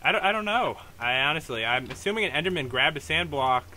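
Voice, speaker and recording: A young man commenting on his game in a bright, slightly raised voice, rambling and restarting his sentences with plenty of ums. Faint background noise sits under the recording. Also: a little high, expressive, fast. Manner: rambling, hesitant, many fillers and restarts. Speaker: let's play host. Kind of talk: casual gameplay commentary.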